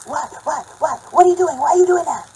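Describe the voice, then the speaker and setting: A woman putting on the voice of a rude man yelling from his car, indignant and loud. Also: high-pitched, quick pace, voice pushed up, close to an everyday voice, low-quality recording.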